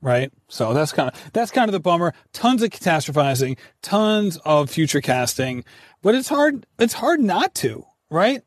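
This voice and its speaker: Guy around 40 rambling on a podcast, lotta "like"s, bit high voice, dead dry mic. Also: very animated, normal speed, dry recording. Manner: rambling, heavy on "like", wry laughs. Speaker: podcast host and runner. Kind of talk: candid casual conversation.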